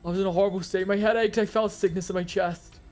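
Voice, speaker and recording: A woman's voice: mid-range voice, steady tone, fast, a little mellow, soft background music. A young woman streaming a game, reading narration aloud and chatting to her viewers in a frustrated, offhand way. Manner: frustrated, talks to chat.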